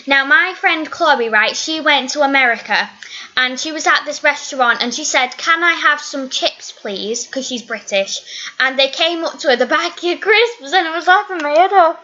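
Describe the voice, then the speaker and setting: Giggly high bright woman. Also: normal speed. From northeast Wales. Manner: giggly, chatty storyteller. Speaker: YouTuber. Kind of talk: casual Q&A chat. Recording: dull lo-fi recording.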